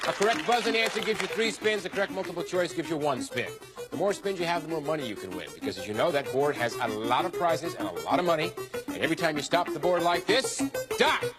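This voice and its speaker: Male game show host, high animated voice, joking banter, loud studio audience and noise. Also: fast, over music, a crowd in the background. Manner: jokey, upbeat banter.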